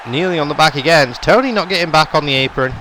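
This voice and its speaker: Young male gaming YouTuber, slightly high voice, play-by-play caller who gets loud on big moments, faint background hiss. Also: quick pace, some chatter behind. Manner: running commentary, rising to excited shouts on big moves. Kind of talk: play-by-play game commentary.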